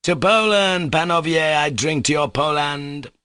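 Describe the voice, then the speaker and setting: A man voicing Mitya, an excitable, reckless young Russian nobleman who shouts out toasts in a storybook reading. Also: a little high, measured pace, clear, resonant tone, no echo, pitched above the performer's own voice. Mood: eager. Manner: loud, rash, toasting.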